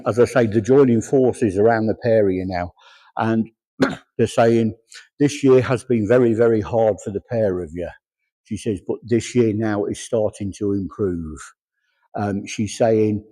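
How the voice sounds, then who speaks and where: A man with a low, husky voice, passing on spirit messages at a church service. His tone is warm and mellow, and he chats easily while quoting what he hears. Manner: chatty, conversational, often quoting messages aloud. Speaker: medium.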